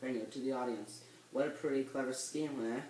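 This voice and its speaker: Guy reading a play out loud, kinda far from the mic, echoey. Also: medium pitch, fairly quick, slight background noise. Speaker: student reader. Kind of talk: reading a play script aloud, all parts. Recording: echoey room, voice a bit off the mic.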